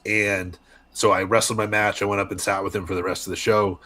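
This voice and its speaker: A young man from Arizona, a wrestler, chatting candidly as a podcast guest and telling lively stories. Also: fairly low pitch, a little fast. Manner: candid storyteller, animated voices in anecdotes. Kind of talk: casual podcast interview.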